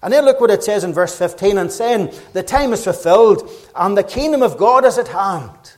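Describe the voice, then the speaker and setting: A middle-aged man with a Northern Irish accent preaching a gospel sermon, fervent and urgent, rising loud then dropping low. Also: expressive, moderate pace. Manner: fervent, urgent preaching with rises and quiet drops.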